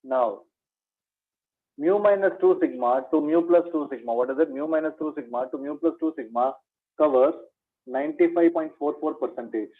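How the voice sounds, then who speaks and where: A man teaches a maths revision class in a fairly high voice. He drills each point by asking it back to his students and calls them "my dear". The sound is thin and phone-like. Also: normal speed. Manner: repeats points as questions to students, says "my dear". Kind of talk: revision lecture.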